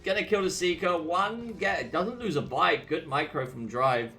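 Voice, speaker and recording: A man's voice: fairly high pitch, animated, moderate pace, bright, forceful tone, soft background music. A young English man streaming and casting a strategy game replay, chatty and full of slangy banter with his chat. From England. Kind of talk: casual replay commentary.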